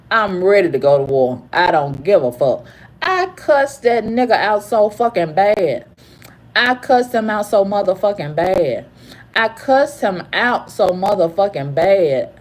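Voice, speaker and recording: A woman in her fifties telling a story in an angry, profane rant, repeating herself and swinging from low growls to high cries. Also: very animated, measured pace. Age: 50s. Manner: angry, profane, repetitive ranting. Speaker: vlogger. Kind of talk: heated storytime monologue.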